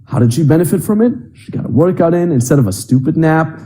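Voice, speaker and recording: Man, young adult, dating coach, blunt, profane, high-pitched, warm dark tone. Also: animated, fast. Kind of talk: coaching monologue.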